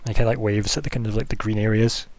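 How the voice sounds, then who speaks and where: A man's voice: fairly low pitch, fairly even intonation, very fast, darkish tone. A man narrating as game master, describing scenes loosely with many fillers.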